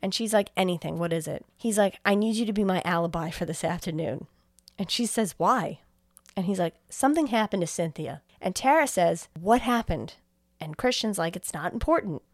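A woman's voice: lowish voice, moderate pace, dry recording, clean studio sound. A young woman, a podcast co-host, casually retelling a film's plot, acting out the characters' lines and swearing freely. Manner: animated storytelling, acting out quotes, swears freely. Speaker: podcast co-host recapping a film.

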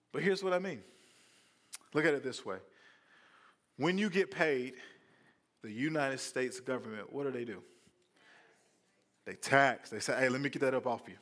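Delivering his sermon with animation and a conversational tone, this pastor keeps joking aside with the congregation. His voice is mid-range.

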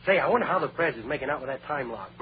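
A man's voice: mid-range voice, expressive, fast. Jokey comic who laughs at his gags. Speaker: comedian host. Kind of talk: 1930s radio comedy. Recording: tinny old radio broadcast, loud audience, hiss.

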